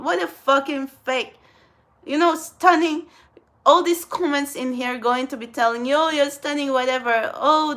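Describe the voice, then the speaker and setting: A spiritual channel host in her young adult years talks to viewers in a high voice with a fairly bright tone. Her get-ready-with-me vlog is casual, and she rambles bluntly, swearing often.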